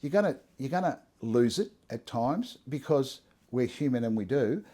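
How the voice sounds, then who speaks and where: Middle-aged man, mellow tone, earnest, chatty interviewee. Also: medium pitch, animated, normal speed. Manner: earnest, conversational, frequent restarts and "you know". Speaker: interviewee sharing his testimony. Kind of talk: casual interview.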